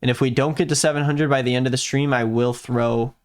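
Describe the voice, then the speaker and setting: A man hosting a livestream in casual chat, sarcastic and often jumping into high mock-excited tones. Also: brisk. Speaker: streamer hosting.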